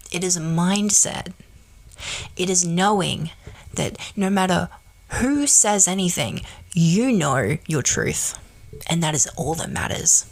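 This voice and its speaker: A woman's voice: fairly low pitch, slow, gravelly. A woman hosting a podcast, giving an emphatic, blunt motivational monologue and swearing casually. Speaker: podcast host.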